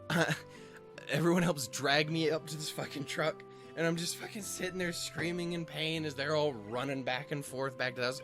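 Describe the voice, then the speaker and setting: Young male host, slightly high voice, profane self-mocking storyteller, faint music in background. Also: a bit bright. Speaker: host reading a visual novel. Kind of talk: casual rambling storytelling.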